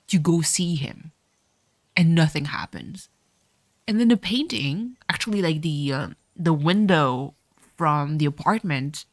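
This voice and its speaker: A woman's voice: fairly low pitch, no echo, clean studio sound. A woman streamer giving casual let's-play commentary, reading the game's text aloud and then getting tearful and swearing.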